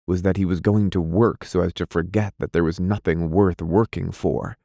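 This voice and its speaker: A man reading aloud, playing a self-pitying, quick-tempered young husband who drinks, plaintive and flaring. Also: low voice, fairly even intonation, mellow, no room sound, studio quality. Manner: plaintive, flaring into weak anger.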